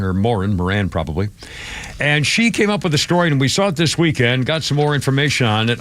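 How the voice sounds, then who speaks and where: An older man hosting a radio talk show, excitable and indignant, swearing as he rants. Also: fairly high pitch, dry recording.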